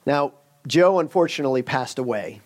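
A man's voice: medium pitch, expressive, moderate pace, a little mellow. A man preaching a sermon with a humorous story, in a conversational, storytelling way with joking asides.

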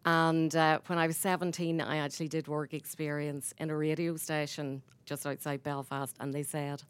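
A woman's voice: low-pitched, flat delivery, normal speed, clear, resonant tone, dry recording. A middle-aged woman from Northern Ireland with a Northern Irish accent, chatting on stage about her radio career in a self-deprecating storytelling way. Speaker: radio host being interviewed. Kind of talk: live on-stage interview. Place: stage at an awards event.

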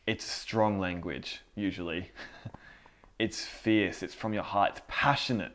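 A male pastor preaching to a group with a fairly low voice. He talks like a friend rather than from a pulpit script, earnest and direct, with frequent little laughs. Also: steady tone, measured pace, a bit bright. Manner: earnest, conversational, laughs often. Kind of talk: sermon.

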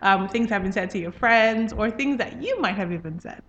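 A woman's voice: medium pitch, animated, normal speed, a bit bright, highs cut off. A woman from Nigeria hosting a podcast, chatting casually and laughing often. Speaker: podcast host.

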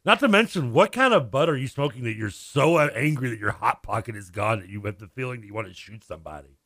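Male sports radio co-host, expressive rising and falling voice, dry booth, keeps asking "I mean". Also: medium pitch, dry recording. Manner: incredulous, rapid questions, frequent laughs and "I mean". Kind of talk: casual sports radio chat. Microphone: studio microphone.

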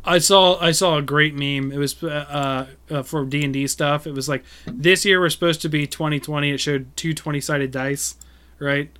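A man's voice: a little high, fairly even intonation, normal speed, bright, forceful tone, clear, resonant tone. A man hosting a casual gaming podcast, chatty, with lots of fillers and laughs. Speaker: podcast host. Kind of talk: casual chat.

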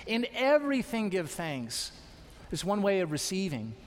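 High-voiced preacher in a reverberant church. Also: male voice, sing-song, moderate pace. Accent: American. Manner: exhorting, repetitive calls to trust and obey. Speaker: pastor. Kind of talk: sermon. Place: church sanctuary.

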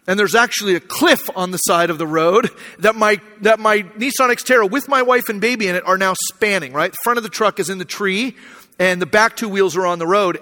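A man's voice: sits high, pushed and bright, long reverb tail. A young man from Arizona, a pastor, telling a personal story in a sermon, casual and emotional, with lots of fillers.

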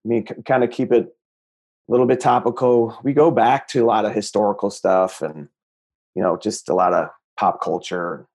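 Husky low-voiced male comedian guest. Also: steady tone, normal speed, a little mellow. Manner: easygoing, trails off with fillers. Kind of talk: casual chat.

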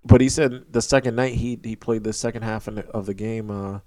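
A man's voice: on the low side, fairly even intonation, brisk, dark tone, dry recording. A man talking as a guest on a gaming podcast, rambling and hesitant with fillers, in casual chat.

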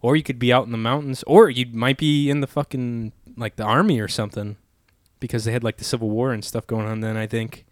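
A man's voice: mid-range voice, fairly even intonation, a little fast, no room sound, clean studio sound. A man co-hosting a podcast in casual chat, rambling and swearing, with "like" in nearly every line. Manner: rambling, swears a lot, says "like" constantly. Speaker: podcast co-host.

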